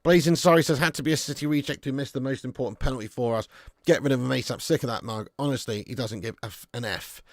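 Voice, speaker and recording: A man's voice: medium pitch, fast talker, dry recording, clean studio sound. A man hosting a casual fan livestream, reading out viewer chat with blunt, jokey banter and frequent swearing. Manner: blunt, jokey, swears freely, calls viewers mate and lad. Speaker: fan channel host reading live chat.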